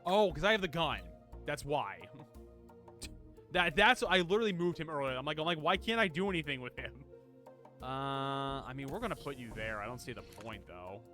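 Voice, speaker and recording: A man's voice: mid-range voice, expressive, moderate pace, a bit bright, soft background music. A man streaming a game, chatting casually, reading game text aloud and laughing often. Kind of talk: casual gameplay commentary.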